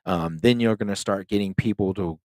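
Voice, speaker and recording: A man hosting a paranormal podcast tells a ghost story casually, rambling loosely and leaning heavily on "like" and "um." His voice is lowish, fairly quick, and a little mellow, captured in a dry recording.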